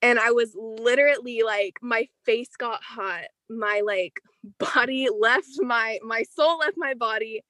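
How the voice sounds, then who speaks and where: A young woman in her teens, a guest in a casual interview, telling a personal story in an animated, chatty way with lots of "like.". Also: a little high, slow, no room sound.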